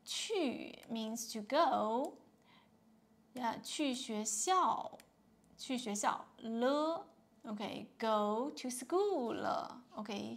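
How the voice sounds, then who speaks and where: A native Mandarin Chinese speaker teaches a language lesson slowly and patiently, her slightly high voice carrying a gravelly fry. She repeats each word and tone many times and fills gaps with "yeah" and "okay."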